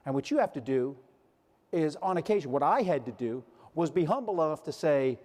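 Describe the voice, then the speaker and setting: A man's voice: fairly high pitch, lively intonation, fairly quick, darkish tone. A man in his sixties giving a motivational keynote speech in a large hall, telling stories and acting out the voices of the people in them. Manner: storytelling, acts out quoted voices. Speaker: keynote speaker. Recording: long hall reverb.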